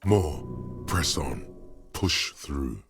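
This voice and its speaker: An actor playing a deep-voiced game narrator who speaks the detective's inner voices in an ominous manner. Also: male voice, animated, very slow, fairly bright tone, faint music behind, full character voice. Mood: brooding.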